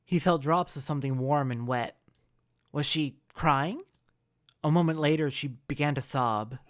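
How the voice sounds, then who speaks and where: A let's play narrator reading a visual novel aloud with expressive commentary and reactions. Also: medium pitch, unhurried, no room sound. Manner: expressive, reacts with swearing and sympathy.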